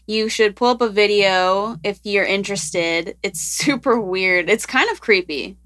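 A woman's voice: medium pitch, measured pace, fairly bright tone. A young woman co-hosting a podcast in casual chat, giggly and full of filler words. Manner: chatty, giggly, lots of "like" and "um". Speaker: podcast co-host.

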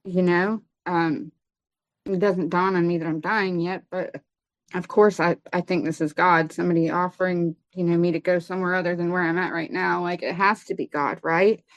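Low-voiced woman, halting testimony, dull lo-fi sound. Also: flat delivery, dry recording. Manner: halting, many fillers and restarts. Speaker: guest telling her story. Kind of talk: personal testimony in an interview.

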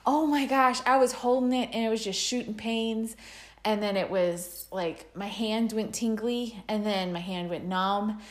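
A woman's voice: medium pitch, steady tone, measured pace. Laughing woman telling a story. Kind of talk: casual storytelling chat.

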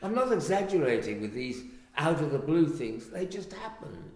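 An older man from England, a writer and actor, telling animated anecdotes and acting out the voices he quotes. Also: fairly high pitch, normal speed. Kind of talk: anecdotal storytelling. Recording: echoey room with long reverb.

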